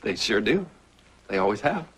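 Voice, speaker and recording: A man's voice: fairly low pitch, sing-song, heavy background noise. An actor playing a playful, teasing husband and father in a soap opera, talking with affection. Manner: teasing and affectionate, drawn-out jokes.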